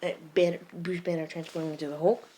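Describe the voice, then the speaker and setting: A woman's voice: fairly low pitch, little pitch movement, fast, mellow, slight background noise. A woman improvising a casual story, rambling and hesitant with many restarts. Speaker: fan storyteller.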